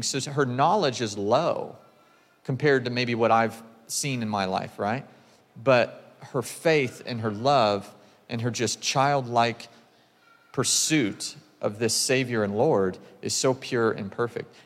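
A pastor in his thirties delivers a sermon in a casual, emphatic way, often turning to ask the congregation whether they are with him. His voice sits at a middle pitch. It rings out with a long reverb through a church sanctuary. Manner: conversational, emphatic preaching with frequent asides to the congregation.

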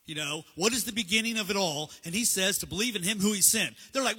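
Male preacher, high bright husky voice, chatty sermon, reverberant hall. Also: expressive, fast talker. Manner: casual, conversational, acts out dialogue. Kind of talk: sermon with slides.

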